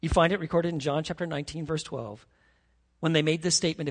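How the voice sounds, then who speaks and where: A man preaching a sermon as pastor, emphatic and animated, reading scripture dramatically. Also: fairly high pitch, quick pace, in a large hall.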